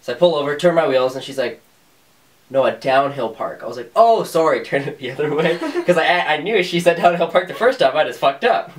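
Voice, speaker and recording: A man's voice: on the high side, animated, a little fast, distant mic. A young man co-hosting a podcast, telling a funny story in casual chat, laid-back and joking. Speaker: podcast co-host.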